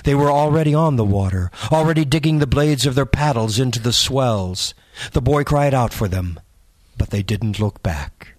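A man narrating a spooky story in a measured, suspenseful audiobook reading. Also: mid-range voice, animated, no room sound, clean studio sound.

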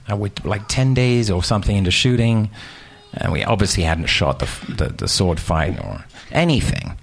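A man with a lowish voice tells a story about himself with lots of swoops in pitch. He is animated and self-mocking, slipping into the scenes as he goes. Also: moderate pace. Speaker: guest telling an anecdote. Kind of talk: casual storytelling.

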